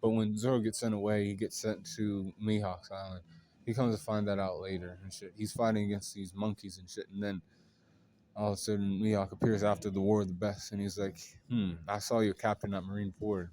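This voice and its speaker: A man with a fairly low voice tells a long story in a laid-back, rambling way. He leans on fillers and casual swearing as he goes. A faint hiss sits under the recording. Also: level tone, a little fast, dark tone. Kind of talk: casual anime recap.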